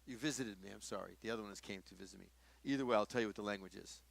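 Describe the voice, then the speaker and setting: Older man preaching, low voice. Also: rapid-fire, vocal fry. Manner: storytelling, acting out dialogue with shifts in loudness. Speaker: pastor. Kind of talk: sermon teaching at a workshop.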